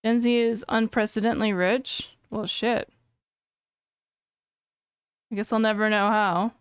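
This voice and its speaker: A woman's voice: a little high, fairly even intonation, measured pace, smooth, no echo, studio quality. A woman in her thirties reacting on a live stream, thinking aloud in a chatty way with many fillers and self-corrections. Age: 30s. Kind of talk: casual live-stream commentary.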